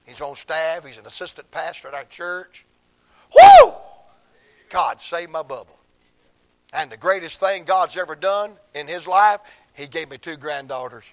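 An older man, preaching a sermon through emotional stories, swinging from hushed tones to shouts. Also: on the high side, moderate pace.

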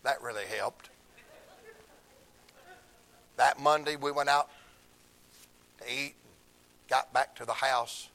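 An older man, preaching a sermon through emotional stories, swinging from hushed tones to shouts. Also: medium pitch, takes it slowly, creaky, pauses often.

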